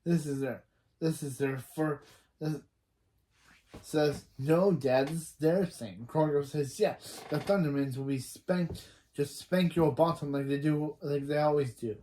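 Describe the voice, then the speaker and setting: Speaking at a measured pace in a fairly high, mellow voice, this reaction channel host retells a film one scene at a time in a rambling way. Each character's lines come after "he says," and he often stops to correct himself mid-sentence.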